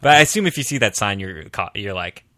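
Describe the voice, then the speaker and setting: A man's voice: fairly low pitch, expressive, quick pace, sharp tone, dry recording, studio quality. A man co-hosting a podcast in casual chat, chiming in with short reactions and jokes. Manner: short reactions and quips, laughs often.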